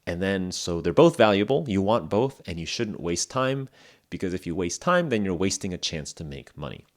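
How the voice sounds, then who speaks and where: Lively low-voiced man teaching casually. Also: normal speed. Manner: relaxed, chatty, lots of fillers and acted examples. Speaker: English podcast host and teacher. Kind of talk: casual spoken English lesson.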